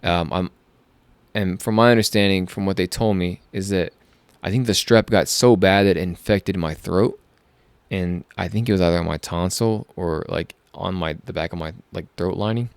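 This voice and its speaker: A man's voice: deep voice, normal speed, creaky, smooth, no room sound. A young man hosting a podcast, telling a personal story in a casual, rambling way with slang, lots of fillers and restarts. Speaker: podcast host.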